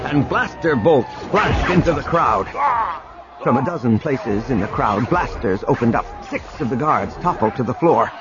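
Expressive male audiobook narrator. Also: medium pitch, normal speed. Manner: dramatic, expressive reading. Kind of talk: scripted narration. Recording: dull lo-fi recording with music.

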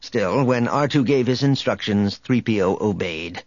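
A man narrating an audiobook in an expressive storytelling manner. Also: fairly low pitch, measured pace, no echo, lo-fi sound. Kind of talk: scripted narration.

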